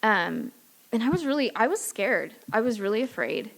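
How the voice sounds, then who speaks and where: A woman's voice: fairly high pitch, sing-song, moderate pace, creaky. A woman from San Diego speaking at a recovery meeting. She talks candidly and loosely, and often laughs at herself. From San Diego, California. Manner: loose and chatty, many fillers. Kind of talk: personal recovery talk.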